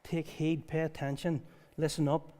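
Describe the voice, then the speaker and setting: A pastor with a slightly higher-than-average voice delivers a conversational sermon at a church service. He moves between reading scripture aloud and telling stories in a lively, informal way. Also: moderate pace.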